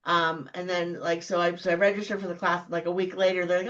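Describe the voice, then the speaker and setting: A woman from Florida, a guest in casual storytelling chat, animated and acting out the voices of people in her stories. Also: fast, lo-fi sound. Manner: animated, acts out quoted voices with big pitch jumps.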